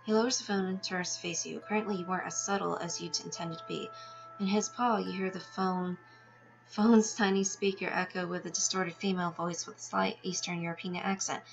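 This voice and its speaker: A woman's voice: on the low side, fairly even intonation, a little fast, gravelly. A woman reading a text game aloud with her own asides, now and then tripping over words and laughing at herself. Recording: dull lo-fi sound with music behind.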